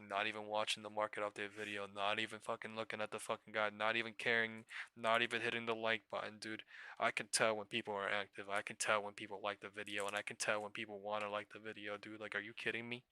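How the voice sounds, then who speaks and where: A young man hosting a live trading stream, ranting in a profane, exasperated way with sudden bursts of loudness. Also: fairly low pitch, clean tone, no room sound. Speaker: stock trading livestream host.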